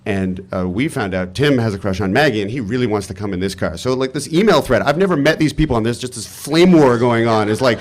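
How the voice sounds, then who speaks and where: A man telling a personal story live on stage, animated and exasperated, swearing freely. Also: medium pitch, fast talker, few pauses.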